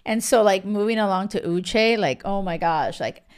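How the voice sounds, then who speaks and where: A woman in her thirties hosting a casual reality TV recap, gushing and animated with lots of filler words. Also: mid-range voice, normal speed, clean tone. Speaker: podcast host.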